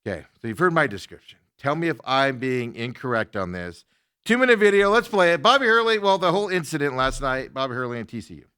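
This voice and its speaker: An animated male talk show host rants about sports with a lively, swooping voice and a bright, forceful tone. He laughs easily and slips into mocking impressions. The sound is dry and close. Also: mid-range voice, quick pace, smooth, dry recording. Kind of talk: casual sports talk rant.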